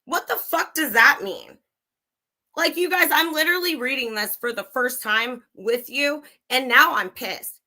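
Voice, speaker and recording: A woman's voice: high-pitched, a little slow, bright, forceful tone. A young woman livestreaming true crime commentary, angry, sarcastic and swearing freely as she reads and reacts. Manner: profane, sarcastic, heated.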